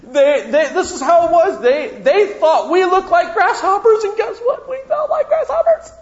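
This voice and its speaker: A man voicing a panicky, whining crowd of frightened wanderers, shrill and melodramatic. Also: expressive, normal speed. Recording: dull lo-fi recording.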